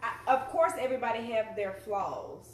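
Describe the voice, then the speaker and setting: A woman's voice: on the high side, expressive, fairly quick, a little mellow. Playful woman, distant and echoey. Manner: playful, teasing, laughs often. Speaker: podcast co-host. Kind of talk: casual joking chat. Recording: distant from mic, echoey, noisy.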